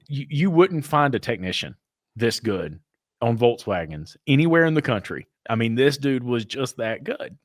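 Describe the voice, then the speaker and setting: A man co-hosts a relaxed business chat, telling stories in a voice that rises and falls a lot. He acts out the people in his anecdotes. The sound is dry and close. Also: medium pitch, no echo. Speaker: podcast co-host. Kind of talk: casual storytelling chat.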